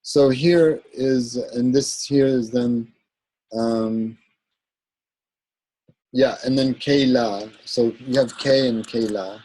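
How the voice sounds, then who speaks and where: A man teaching an Arabic grammar lesson in a recorded class, explaining patiently with many pauses, ums and restarts. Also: mid-range voice, steady tone, warm tone, husky, low-quality recording. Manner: halting, searching for words, many ums and restarts; explains a grammar point patiently, checking with "right?".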